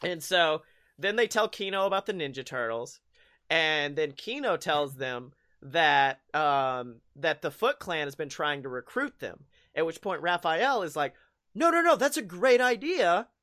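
A man's voice: on the high side, animated, measured pace, sharp tone. A man hosting a podcast, recapping a movie in a rambling, profane way with frequent laughs. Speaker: podcast host. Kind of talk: casual chat recapping a movie.

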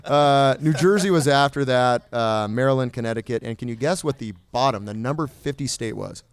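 A man hosting a casual beer podcast, rattling off statistics with fillers and quick laughs. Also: medium pitch, smooth, dry recording. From California. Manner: reads stats with fillers and laughs. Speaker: podcast host. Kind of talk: casual chat.

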